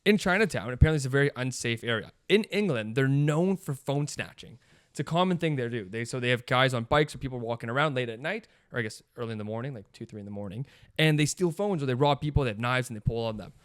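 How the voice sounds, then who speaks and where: A man's voice: medium pitch, animated, fast talker, smooth, no room sound, clean studio sound. A young man co-hosting a podcast in casual chat, a rambling storyteller who laughs often. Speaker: podcast co-host.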